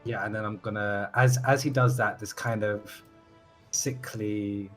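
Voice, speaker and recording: Slow, husky man narrating his game character. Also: lowish voice, steady tone, soft background music, poor audio. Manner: halting, searching for words. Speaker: player. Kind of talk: casual tabletop game chat.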